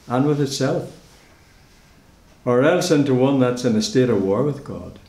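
A man preaching a sermon in a church, measured and repeating key phrases for emphasis. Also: medium pitch, a little mellow. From Northern Ireland. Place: church hall. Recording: echoey church hall.

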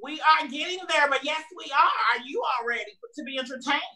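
A woman's voice: sits high, brisk, pushed and bright, low-quality recording. A woman hosting a live-streamed event, bantering playfully and sassily with the crowd as she welcomes everyone and introduces the performers. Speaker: emcee of a live-streamed show.

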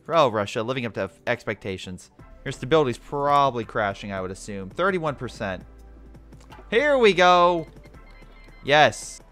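A young man giving casual, sarcastic let's-play commentary on a strategy game, talking to the game as he plays. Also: mid-range voice. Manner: excitable, sarcastic, talks to the game. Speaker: gameplay commentator.

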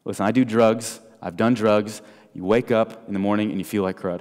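Animated low-voiced male preacher, echoing hall. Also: a little fast, few pauses. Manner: animated, shifts between loud and soft. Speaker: guest speaker. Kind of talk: evangelistic sermon with storytelling. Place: large church hall. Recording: long hall reverb.

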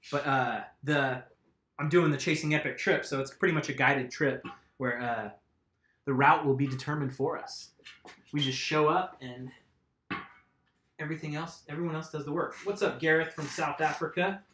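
A man's voice: on the high side, steady tone, normal speed, a bit bright. Chatty man live-streaming, roomy sound. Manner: chatty and rambling, answers viewers' comments. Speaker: mountain bike vlogger. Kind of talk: casual live-stream chat while doing bike maintenance. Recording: roomy echo.

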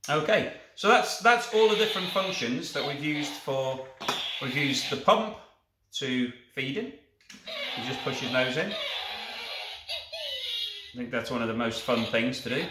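A man's voice: medium pitch, normal speed, long pauses. A man reviewing a toy, talking it through in a coaxing sing-song and praising it as he shows each feature. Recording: echoey room with clear background noise.

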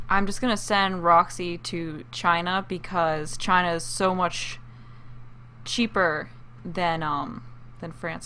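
A woman's voice: fairly low pitch, sharp tone. Giggly woman narrating her gameplay. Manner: chatty, giggly, talks to viewers. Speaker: gameplay commentator. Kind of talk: casual let's-play commentary.

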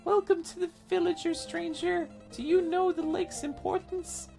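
A man voicing a dreamy, rambling old village woman in a very high falsetto. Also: flat delivery, normal speed, vocal fry, a little mellow, soft background music.

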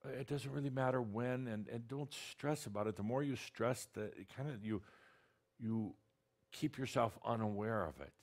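A man's voice: mid-range voice, moderate pace. A man channeling a spiritual teacher, talking to an audience in a blunt, direct, teasing way with many restarts.

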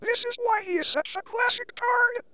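A text-to-speech voice set to a woman, sitting extremely high and reading commentary in a flat, mocking way. The sound is dull and lo-fi, as if squeezed through a cheap output. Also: moderate pace. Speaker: commentary host.

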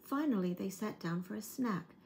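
For an early-years program, a woman reads a children's picture book aloud at a moderate pace, gentle and expressive, her pitch at an ordinary middle. A faint hiss runs beneath the recording.

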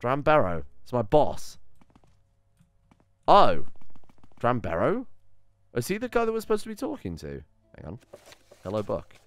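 A man's voice: mid-range voice, wildly swooping pitch, a little slow, long pauses, dry recording. Chatty man commenting on gameplay. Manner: chatty, swearing, thinking aloud. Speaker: let's play host.

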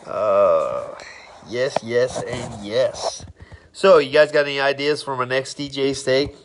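A man's voice: mid-range voice, slow, noisy background. A man hosting a casual live stream, rambling in a friendly, tipsy way as he tells stories and greets viewers.

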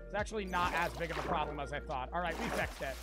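A young man with an American accent, streaming a game live and talking to his chat, profane and quick to get frustrated. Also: on the high side, loud music behind the voice. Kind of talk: casual livestream gameplay chat.

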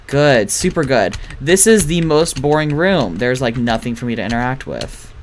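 Animated sassy woman playing a game. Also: very deep voice, moderate pace, slight background noise. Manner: sassy, swearing, animated reactions. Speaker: streamer. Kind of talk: casual gameplay commentary.

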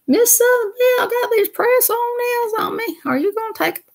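A woman voicing a childlike female toy companion, with a high, whiny, pleading voice. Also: a little fast, slight background noise.

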